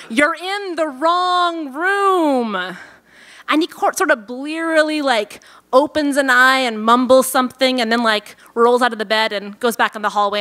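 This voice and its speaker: On stage at a live venue event, a woman shares a personal story, lively and amused at herself as she acts out her own thoughts. Her voice sits a little high.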